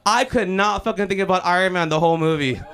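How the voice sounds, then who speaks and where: A man's voice: high-pitched, fast talker, fairly bright tone. A young man from Los Angeles doing a loose, rambling, profane open mic stand-up set in a small comedy club.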